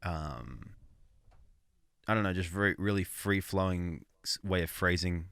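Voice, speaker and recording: A man's voice: low-pitched, a little slow, vocal fry, a bit bright, clear, resonant tone, no room sound. A man from Australia, co-hosting an album chat in a laid-back, joking way with casual swearing. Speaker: co-host reviewing albums.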